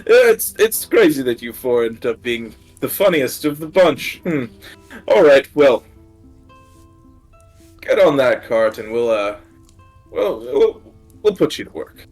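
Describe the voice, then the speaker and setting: A man's voice: medium pitch, sing-song, takes it slowly, long pauses, darkish tone, faint music behind. A man voicing a sly adult male stranger who tests recruits, speaking in a wry, teasing way. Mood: amused.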